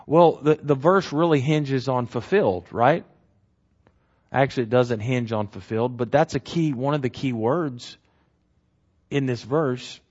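A man's voice: medium pitch, a little slow, darkish tone. A man teaching the Bible verse by verse in a conversational way. He repeats key phrases and keeps asking "right?". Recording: dull lo-fi recording.

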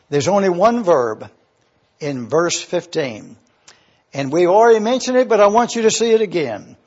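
An older man preaches with deliberate emphasis, leaning on key words and spelling some out. His voice sits high and sounds a bit breathy. The recording is dull and lo-fi. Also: a little mellow. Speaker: pastor. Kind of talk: sermon.

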